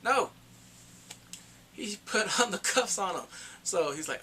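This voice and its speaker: A man retells a movie's plot in a casual review, his voice bright and fairly high. He swings his pitch all over as he acts out the characters' lines, with a faint hiss of background noise behind him. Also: lively intonation, slow pace.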